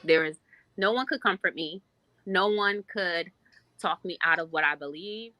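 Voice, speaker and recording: A woman's voice: on the low side, moderate pace, bright, forceful tone, rough recording. A woman in her thirties, a podcast guest, telling a personal story in a heartfelt, reflective way. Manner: heartfelt, reflective, speaks in long flowing runs. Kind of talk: personal testimony in a podcast interview.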